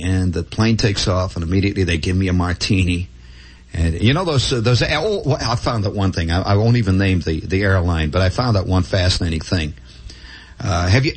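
A man telling a long, rambling first-person story in a wry, conversational way, with many restarts and asides. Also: fairly low pitch.

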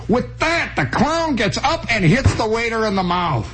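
A man telling a long comic story in an animated, breathless way, slipping into the voices of the people in it, from an old archival radio recording. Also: high voice, moderate pace, few pauses, slight background noise, rough recording.

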